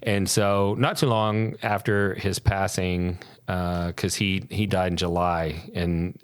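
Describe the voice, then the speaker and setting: A man's voice: low voice, level tone, takes it slowly, smooth, no echo. A man, a podcast guest, telling casual stories with many fillers and restarts. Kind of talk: casual storytelling.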